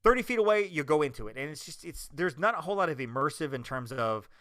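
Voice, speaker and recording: A man co-hosting a podcast in casual chat, an excited storyteller who acts out quotes. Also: a little high, quick pace. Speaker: podcast co-host.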